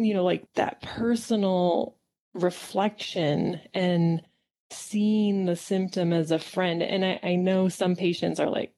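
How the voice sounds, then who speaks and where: A woman's voice: on the low side, steady tone, a little slow, warm tone. A woman acupuncturist in casual conversation, reflective and upbeat, often laughing as she talks.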